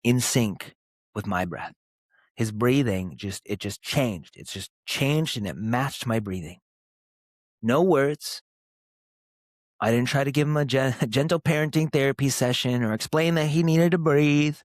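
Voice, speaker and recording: A man in his thirties hosting a podcast, speaking earnestly and emphatically in short, punchy phrases with pauses. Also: medium pitch, no echo, studio quality. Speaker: podcast host. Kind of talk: motivational podcast monologue.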